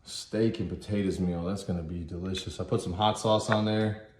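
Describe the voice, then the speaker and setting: A man in his thirties chatting through a vlog on his handheld phone, talking in a loose, storytelling way. His voice sits on the low side. Steady background noise, often from a car, runs under his talk. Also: moderate pace. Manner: chatty storyteller who acts out quotes. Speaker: vlogger. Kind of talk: casual vlog chat. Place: on the go: home, car, airport lounge.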